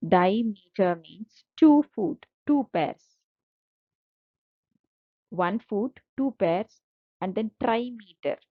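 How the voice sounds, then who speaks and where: Woman teacher, slow and patient, dry lo-fi recording. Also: medium pitch, animated, no room sound. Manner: repetitive, patient explaining with frequent fillers. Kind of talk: explaining slides in a lecture. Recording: dull lo-fi dry audio.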